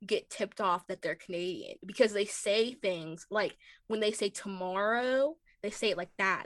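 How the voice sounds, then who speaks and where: A woman's voice: mid-range voice, normal speed, hardly any pauses, dry recording, studio quality. A woman co-hosting a podcast in casual chat, rambling with fillers. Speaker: podcast co-host.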